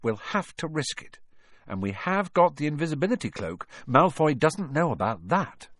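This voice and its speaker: A man's voice: fairly high pitch, big pitch swings, moderate pace, fairly bright tone, no echo, studio quality, voice pushed up. A man voicing a determined young schoolboy who speaks urgently.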